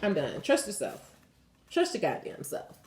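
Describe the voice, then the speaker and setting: A woman's voice: mid-range voice, huge pitch swings, unhurried, reverberant, very noisy. A woman tarot reader giving a blunt, emphatic spiritual pep talk and leading affirmations, swearing freely.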